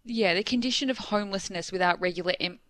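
A woman co-hosting a podcast, reacting to the story with quick questions in casual chat. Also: mid-range voice, a bit bright. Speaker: podcast co-host.

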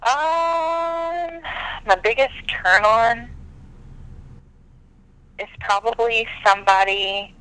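A man chatting casually as a podcast guest, telling stories in an animated, dramatic way. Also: extremely high pitch, extremely slow, pauses often, smooth, rough recording. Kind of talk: casual chat.

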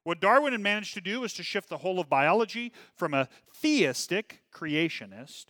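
In a sing-song, pushed, bright voice at normal speed, a man leads a religious class, alternating between reading a text and commenting on it. He keeps asking "okay?" and "right?", and his volume rises and falls widely, sinking low for asides in a dry recording.

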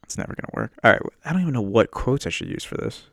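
A man's voice: mid-range voice, lively intonation, fast, creaky, fairly bright tone, no echo, studio quality. A man hosting a casual podcast, ranting about a movie in a crude, rambling and self-mocking way. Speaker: podcast host. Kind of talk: casual profane movie rant. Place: home setup while on a muted work meeting.

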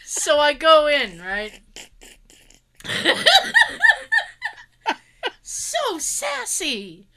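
A young woman tells a story with a sarcastic, sassy edge, throwing herself into every quoted line. Her voice sits fairly high and bright, and it swings widely up and down as she goes. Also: very slow, long pauses, slight background noise. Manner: sarcastic, animated, acts out quotes. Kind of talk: casual chat, telling an anecdote.

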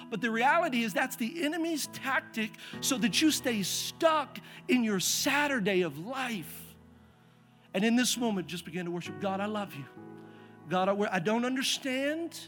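High-voiced pastor preaching, hushed to emphatic. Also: male voice, lively intonation, moderate pace, soft background music. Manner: swings from hushed to loud and emphatic, calls the congregation to respond. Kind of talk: sermon with personal story.

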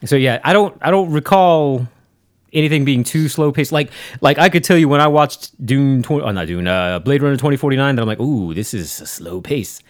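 A man's voice: mid-range voice, expressive, a little fast, clean tone, no room sound, clean studio sound. A man co-hosting a podcast, chatting casually in a rambling way and swearing freely. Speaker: podcast co-host. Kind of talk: casual chat.

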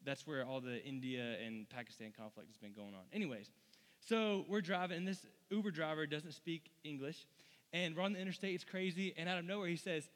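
A man in his thirties preaching to young adults in a chatty, animated way, full of fillers and restarts. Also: fairly high pitch, fairly quick. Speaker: college ministry preacher. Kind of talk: sermon with casual storytelling. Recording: long hall reverb.

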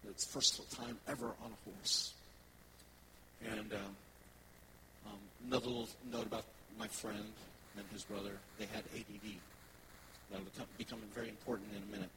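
A man, a worship pastor, preaching a sermon and telling personal stories in a conversational, animated way to his congregation. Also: on the low side, normal speed, background noise.

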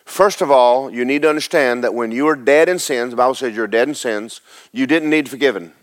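A man's voice: medium pitch, brisk. A man delivers a sermon in an everyday, conversational voice. He reads scripture aloud and then explains it, asking questions and repeating words for emphasis. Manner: conversational preaching with repetitions and rhetorical questions. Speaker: preacher.

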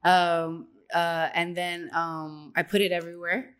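A young woman guest in a casual interview, chatty and upbeat, laughing often and filling pauses with "um" and "like". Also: on the low side, little pitch movement, fairly bright tone, clear, resonant tone. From Dominican heritage. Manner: chatty, laughs often, many fillers and restarts.

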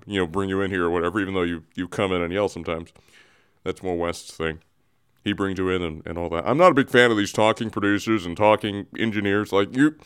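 A man's voice: fairly low pitch, fairly bright tone, clear, resonant tone. A man hosting a radio show in a studio, talking sports in a loose, digressive way and often interrupting himself. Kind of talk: casual rambling sports talk.

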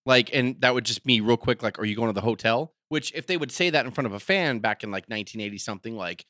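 A man hosting a podcast, telling a story in casual chat, animated and swearing freely. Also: medium pitch, quick pace, dry recording, clean studio sound. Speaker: podcast host.

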